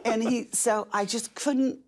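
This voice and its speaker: An older woman, a guest in an interview, telling lively stories full of quick asides. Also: a little high, a little hiss or hum. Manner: lively, fast-moving anecdotes with quick asides. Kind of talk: animated storytelling.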